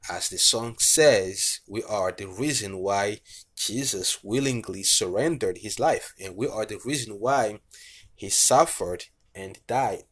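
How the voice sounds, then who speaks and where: A man's voice: lowish voice, slow pace, fairly bright tone. A male preacher giving a bible teaching, reading verses aloud and explaining them with frequent fillers. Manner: reads scripture aloud, frequent fillers and "okay".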